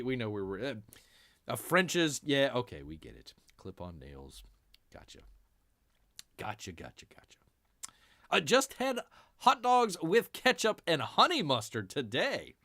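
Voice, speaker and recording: In a clean studio recording with no echo, a man with a mid-range, slightly bright voice hosts a casual livestream news chat. He's joking and sarcastic, refers to himself by his nickname in the third person, and calls his audience "people".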